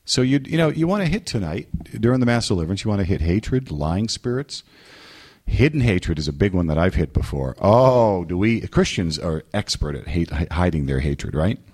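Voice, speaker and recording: A man from New England preaching a sermon as pastor, animated and joking, slipping into mimicry. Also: low voice, normal speed.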